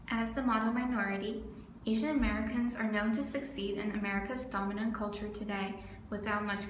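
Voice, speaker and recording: A young woman from California, a student narrating her video essay from a script, earnest and steady. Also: medium pitch. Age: young adult. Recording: roomy with faint background noise.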